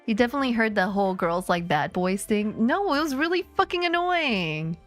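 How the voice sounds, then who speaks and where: A woman's voice: fairly high pitch, expressive, brisk, soft background music. A woman streamer telling a story in casual chat, swearing freely and laughing often.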